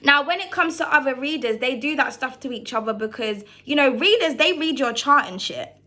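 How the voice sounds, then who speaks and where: A woman's voice: high voice, expressive, brisk, bright, forceful tone. A young British woman, a tarot reader and channel host, ranting bluntly to camera in a casual monologue, swearing freely and filling her talk with asides.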